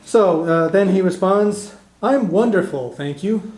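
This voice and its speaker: This man teaches a beginner language class, setting out each point step by step and modelling phrases slowly for repetition. His voice sits fairly high. The recording is roomy and echoey, as in a classroom. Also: lively intonation, darkish tone. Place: community classroom in a heritage house.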